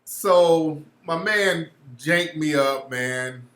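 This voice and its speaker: A man speaking hosts a loose livestream in an echoey room. His voice runs slightly high and bright, and he tells his stories in a blunt, profane, animated way. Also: extremely slow. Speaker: show host. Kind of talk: casual livestream talk.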